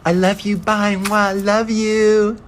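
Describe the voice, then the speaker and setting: A man's voice: high-pitched, little pitch movement, takes it slowly, noisy background, voice pushed up. A man doing a gushing, tipsy vacationing wife.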